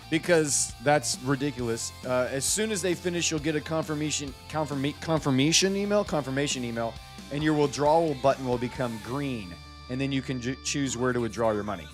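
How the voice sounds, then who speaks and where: A man's voice: medium pitch, normal speed, soft background music. A man hosting a live trading stream, venting about a late payout and greeting viewers from chat one by one. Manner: frustrated ranting, then rattling off chat names.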